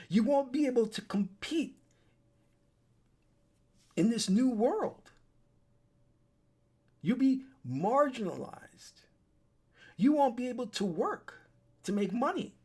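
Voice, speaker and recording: Sitting at his desk with a webcam, an online commentator issues a solo warning to camera in a high, husky voice. His monologue is urgent and preachy, and he keeps repeating his points and starting sentences over.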